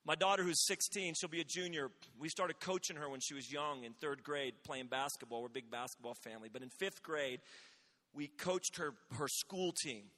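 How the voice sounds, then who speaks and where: High-voiced preacher in an echoing hall. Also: male voice, normal speed. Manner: animated storytelling, rising to shouts. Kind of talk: sermon. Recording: hall with long reverb.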